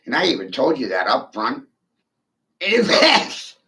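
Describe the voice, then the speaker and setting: A man's voice: mid-range voice, animated, a little fast, a bit bright. A man giving an angry, profane monologue, swearing often and taunting his silent listeners.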